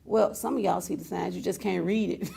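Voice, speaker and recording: A woman's voice: fairly low pitch, steady tone, normal speed, vocal fry, warm tone, slight background noise. A woman talk show host, ranting to her viewers in a teasing, laughing way. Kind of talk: casual on-air rant to viewers.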